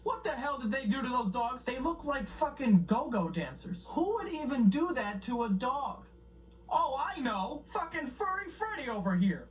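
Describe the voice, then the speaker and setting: A man's voice: extremely high pitch, distant mic, muffled recording. A man giving profane comedic commentary, incredulous and mocking, swearing often.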